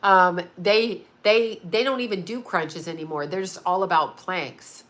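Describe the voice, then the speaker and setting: Streaming casually from home on a video call setup, a middle-aged woman speaks in a lowish, unhurried voice with a bit of brightness. She rambles, chats, and laughs a lot.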